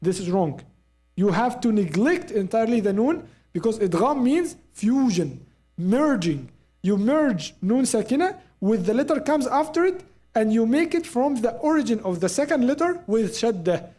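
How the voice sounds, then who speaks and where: A Quran recitation teacher giving a live class at a mosque, repeating example sounds slowly and checking in with students. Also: mid-range voice, sing-song, mellow.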